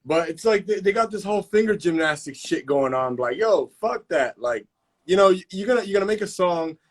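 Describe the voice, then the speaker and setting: Sitting high in pitch and moving a bit fast, this fired-up host of a casual live-stream chat tells stories full of slang and profanity with lots of energy.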